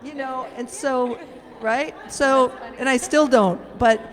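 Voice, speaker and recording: A woman's voice: high-pitched, steady tone, slow pace, a crowd in the background. Reflective woman from Chicago, hall echo. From Chicago, United States. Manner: reflective, asks rhetorical questions. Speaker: panelist. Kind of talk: live panel discussion.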